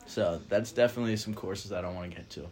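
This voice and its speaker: A young man appearing as a guest on a casual sports podcast, relaxed and low-key. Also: fast, faint music behind.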